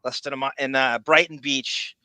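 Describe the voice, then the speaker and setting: A man hosts a casual livestream podcast with a bright, forceful voice. He talks in an animated, chatty way, laughing as he goes. The sound is dry and close, with no room around it. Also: mid-range voice, moderate pace, clean tone, no echo. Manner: animated, laughs often, reads viewer messages aloud. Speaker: podcast host.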